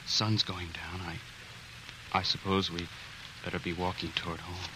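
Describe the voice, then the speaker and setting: An actor playing an earnest young American suitor in a 1940s radio drama, shy and stammering. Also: male voice, sits low, level tone, a little slow, background noise.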